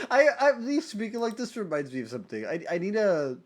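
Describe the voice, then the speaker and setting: On a live stream, a man with a high-sitting voice chats casually, rambling and giggling while often cutting himself off mid-sentence. He talks briskly, his pitch swooping wildly.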